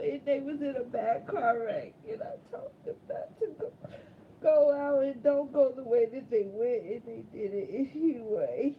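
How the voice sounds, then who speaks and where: A woman vlogger telling a painful personal story in a raw, halting way, often repeating herself. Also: high-pitched. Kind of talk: emotional confessional storytelling. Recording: muffled lo-fi with faint background noise.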